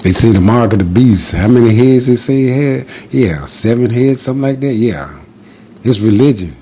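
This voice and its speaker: A man's voice: medium pitch, animated, moderate pace, mellow, a little hiss or hum. A man giving an impassioned, defiant monologue as a podcast guest, preaching in short repeated declarations.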